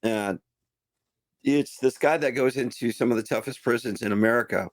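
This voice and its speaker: Male podcast co-host, relaxed storyteller, dry close recording. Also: medium pitch, moderate pace, dry recording. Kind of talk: casual storytelling chat.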